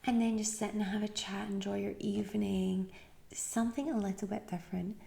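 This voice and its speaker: Podcast host, woman from the UK, tired, encouraging, slips into near-whispers, dark gravelly tone. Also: mid-range voice, level tone, brisk. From United Kingdom. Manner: chatty, encouraging, often drops to a soft breathy near-whisper. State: tired, yawning. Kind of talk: casual advice monologue.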